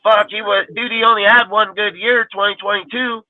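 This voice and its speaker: A man's voice: sits high, little pitch movement, a little fast, crowd noise. Profane ranting man on a tinny line. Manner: profane ranting, heavy swearing. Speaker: podcast panelist. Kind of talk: heated casual sports talk.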